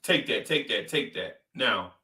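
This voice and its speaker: A man rants in casual sports talk, animated and repetitive as he trash-talks. His voice is very bright and edgy. He sits back from the mic in a roomy, echoing space. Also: mid-range voice, unhurried, distant mic. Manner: animated, trash-talking, repeats phrases for emphasis. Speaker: sports podcast host.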